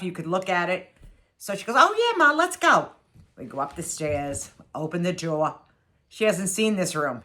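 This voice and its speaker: A woman's voice: fairly low pitch, fairly bright tone. A woman in her sixties telling a home story to her viewers in a chatty, sarcastic way, repeating phrases for effect. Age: 60s. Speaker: vlogger. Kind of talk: casual storytelling to camera.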